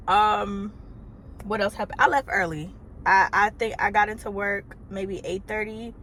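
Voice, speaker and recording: A woman in her thirties, originally from Trinidad, telling a casual storytime vlog from her car in an animated, chatty way with exasperated asides. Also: mid-range voice, slight background noise. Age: 30s. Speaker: vlogger. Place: parked car.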